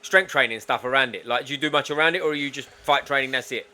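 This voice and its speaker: Chatty podcast host, mid-pitched, rapid questions. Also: male voice, pushed and bright. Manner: chatty, quick follow-up questions. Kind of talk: casual interview chat.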